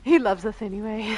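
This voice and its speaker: A young woman playing a video game and chatting casually, laughing often and reading dialogue choices aloud. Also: a little high. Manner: reads dialogue options aloud. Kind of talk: casual let's-play commentary.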